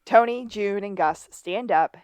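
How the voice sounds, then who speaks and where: This podcast co-host has a clear, resonant, darkish mid-range voice and speaks a little slowly, with no room sound. In a casual rewatch recap, she chats about a TV episode, walking through scenes and tossing in playful asides.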